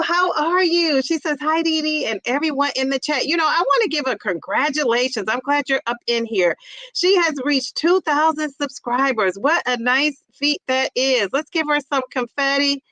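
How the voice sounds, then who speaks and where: A woman's voice: high-pitched, no echo, poor audio. A woman in her fifties from Ohio, hosting a casual livestream and chattily greeting viewers from the chat. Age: 50s. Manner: chatty and effusive, greets viewers with loud bursts. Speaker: livestream host reading chat.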